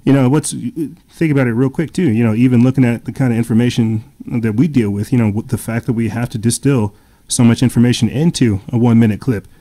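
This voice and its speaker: Guy on a podcast, mellow warm tone, lots of uh and like, keeps restarting. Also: mid-range voice, fairly even intonation, quick pace. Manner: rambling, many fillers and restarts. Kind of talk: casual podcast chat.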